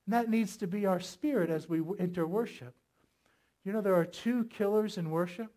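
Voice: medium pitch, moderate pace, darkish tone. A pastor preaching a sermon with emphatic delivery, asking the congregation rhetorical questions.

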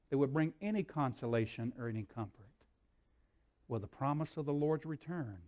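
A man preaching a sermon as pastor. He swings from soft, low passages to loud, high climaxes, and he calls for responses from the congregation.

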